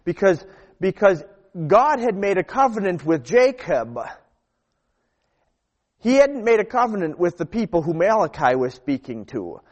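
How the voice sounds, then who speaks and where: A man preaching a sermon, emphatic, repeating phrases and letting his sentences fall to quiet, low endings. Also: big pitch swings, unhurried.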